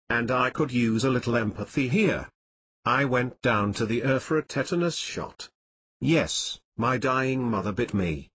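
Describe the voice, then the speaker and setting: A male voice in scripted audiobook narration with a mid-range pitch that rises and falls a great deal. He reads straight through the text, page numbers and headers included. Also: fairly bright tone, a little hiss or hum.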